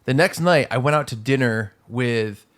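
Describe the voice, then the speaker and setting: Man, comedy podcast co-host, rambling, laughs a lot, slightly hoarse, medium pitch. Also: normal speed, a bit bright. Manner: rambling storyteller, laughs often. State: recovering from illness, slightly hoarse. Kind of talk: casual comedy podcast banter.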